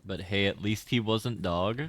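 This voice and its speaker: A man's voice: fairly low pitch, a little slow, a bit bright. A man streaming a game, rambling and joking with his chat in casual commentary. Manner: rambling, jokey, talks to chat.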